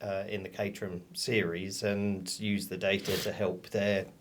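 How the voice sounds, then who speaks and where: A man's voice: deep voice, flat delivery, unhurried, slight background noise. A man, a racing driver and coach appearing as a podcast guest, recounting stories hesitantly and with self-deprecating humour. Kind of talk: casual chat.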